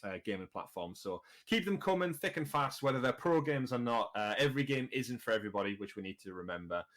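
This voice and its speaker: A man's voice: medium pitch, lively intonation, fast talker, a bit bright. A British man hosting a casual gaming podcast, chatty and leading each segment. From Britain. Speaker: podcast host.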